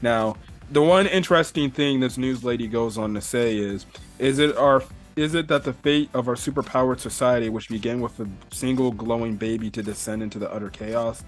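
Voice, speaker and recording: A man's voice: medium pitch, fairly quick, faint music behind. Rambling man recapping a manga chapter. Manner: rambling, filler-heavy, swears casually. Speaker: manga reviewer.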